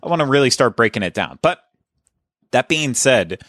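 A man's voice: medium pitch, big pitch swings, moderate pace, a bit bright, no echo, studio quality. A man hosting a casual podcast, chatting in a conversational way and often correcting himself mid-sentence. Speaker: podcast host.

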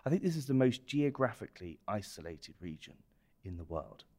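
A man explaining wine in a relaxed, descriptive way during a casual podcast chat. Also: on the low side, a little fast. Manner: expansive, descriptive about wine. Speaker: wine expert guest.

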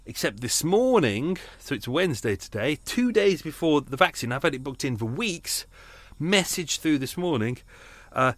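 A British man chatting casually at home on an unedited podcast, a touch high-pitched. He rambles, grumbles and cuts himself off mid-sentence. He sounds shaken and short of breath. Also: sing-song, measured pace, dry recording. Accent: British English. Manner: rambling, grumbling, self-interrupting. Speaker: podcast host. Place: home room.

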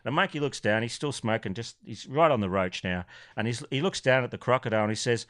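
A man's voice: medium pitch, fast talker, few pauses, a bit bright. A man from Australia co-hosting a podcast over a video call, telling a joke in a rambling, stumbling way. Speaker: podcast co-host. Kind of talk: casual chat and joke telling.

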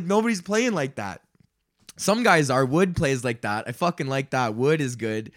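A man hosting his own podcast, ranting casually about poker and sound gigs in a profane, rambling, animated way. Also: medium pitch, moderate pace. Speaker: podcast host. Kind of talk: casual solo rant.

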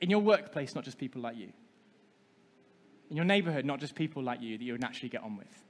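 A man's voice: medium pitch, fast. A man preaching a sermon as pastor, talking with the congregation and asking them questions. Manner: interactive, asks the congregation questions. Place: church hall. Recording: long hall reverb.

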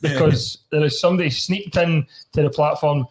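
A man hosting a lads' football podcast. His voice sits a bit high and he keeps breaking into laughter. The banter is crude and quick. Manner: banter, swearing, lots of laughing. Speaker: podcast host. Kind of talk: casual chat.

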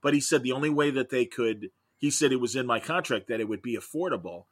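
A man's voice: mid-range voice, fast talker, slightly rough, dry recording. A middle-aged man, a comics podcaster, chatting as an interview guest and telling long, enthusiastic, rambling stories. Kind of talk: casual interview chat.

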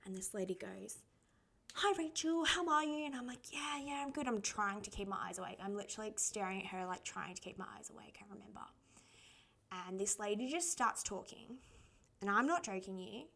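A woman's voice: medium pitch, brisk, gravelly, a bit bright. A young adult Australian woman hosting a podcast, telling personal stories in a candid, casual way. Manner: chatty and candid, laughs often while telling stories. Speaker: podcast host.

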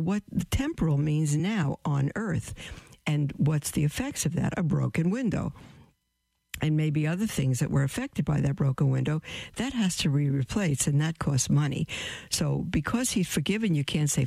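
A man hosting a call-in show, explaining patiently with a homely example, earnest and halting with restarts. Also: fairly high pitch, vocal fry, a little mellow, no room sound. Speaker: Catholic radio host answering a caller. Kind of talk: call-in teaching, explaining with a story.

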